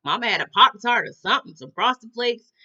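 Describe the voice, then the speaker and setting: A woman's voice: fairly high pitch, animated, a little fast, bright, forceful tone, breathy edge, lo-fi sound. A woman recapping a show in a casual, chatty storytelling style, talking straight to her viewers and reacting big. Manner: chatty, addresses viewers as "y'all", exaggerated reactions. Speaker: episode recap host.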